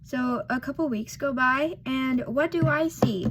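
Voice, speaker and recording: A woman's voice: high-pitched, a little slow, a bit bright. An eighteen-year-old woman telling a personal story in a casual, rambling way, full of fillers and self-deprecating remarks, with murmured asides. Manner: murmured asides while doing makeup.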